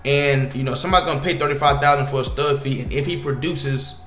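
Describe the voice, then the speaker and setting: A man casually commenting while playing a video game, slangy and animated, with sudden loud outbursts. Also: mid-range voice, fast talker, roomy sound, faint music behind. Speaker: gaming YouTuber.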